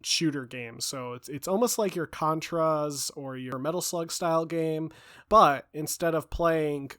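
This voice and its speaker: A man's voice: fairly high pitch, measured pace, a bit bright, dry recording, studio quality. A man co-hosting a casual podcast, talking in a playful, sing-songy way. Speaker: podcast co-host.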